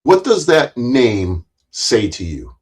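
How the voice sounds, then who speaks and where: A man's voice: mid-range voice, very animated, slow pace, darkish tone. A man hosting a livestream, ranting angrily and sarcastically, swearing constantly and repeating his points for emphasis. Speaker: livestream host. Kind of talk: profane livestream rant.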